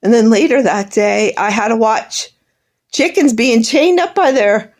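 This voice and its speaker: A woman's voice: on the high side, a little slow. A middle-aged woman in an emotional monologue, bitter and accusing, rambling, her voice breaking into tears.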